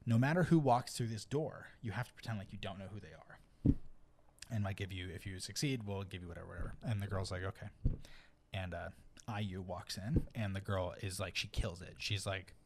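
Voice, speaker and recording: A young man co-hosting a podcast tells a story in casual chat, his voice low and brisk over slight background noise. He rambles loosely and animatedly, using lots of fillers.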